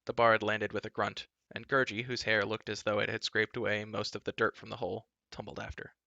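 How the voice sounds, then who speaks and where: Gravelly man reading a storybook aloud. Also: on the low side, fairly quick, no echo. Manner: steady, dramatic narration. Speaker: reader. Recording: dull lo-fi recording.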